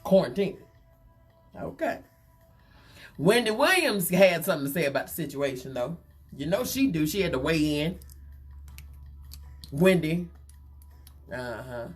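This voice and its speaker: A woman's voice: sits low, sing-song, soft background music. A woman hosting a gossip show, teasing and playful, repeating herself for effect. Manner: playful, repetitive, drawn-out teasing. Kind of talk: casual gossip chat.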